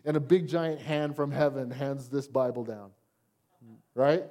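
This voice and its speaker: A man's voice: mid-range voice, measured pace, mellow. A male pastor preaching a sermon in a church, talking conversationally and often asking the congregation "Amen?". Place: church sanctuary.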